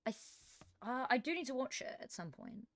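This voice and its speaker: Woman esports caster, chatty storyteller, slightly high voice, dry close headset. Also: sing-song, a little fast, no room sound. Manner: chatty, self-deprecating, storytelling. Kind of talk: casual co-caster chat.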